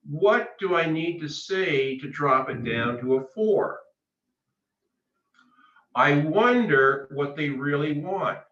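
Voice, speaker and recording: A man presenting a webinar workshop, teaching in a slow, emphatic way with frequent pauses. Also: on the high side, sharp tone. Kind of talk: webinar lecture. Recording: echoey, distant, dull lo-fi audio.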